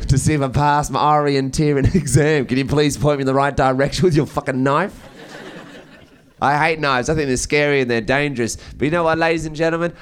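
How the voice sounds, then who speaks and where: A man doing a stand-up set on a comedy stage. He delivers deadpan one-liners in a slightly high voice and keeps chuckling at his own jokes. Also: clean tone. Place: comedy stage before a live audience.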